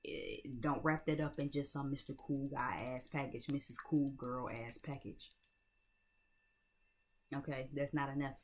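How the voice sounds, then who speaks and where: A woman's voice: a bass voice, a little slow, a little hiss or hum. A woman giving a casual tarot reading to her viewers, talking bluntly and checking in with her listeners again and again. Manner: conversational, keeps checking in with "right?" and "you know what I'm saying?"; blunt and streetwise, swears freely. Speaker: tarot reader.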